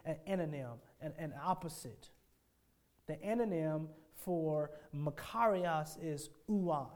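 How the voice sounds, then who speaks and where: A man, a pastor, preaching a sermon emphatically, asking his congregation rhetorical questions and swinging between hushed phrases and forceful declarations. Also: a little high.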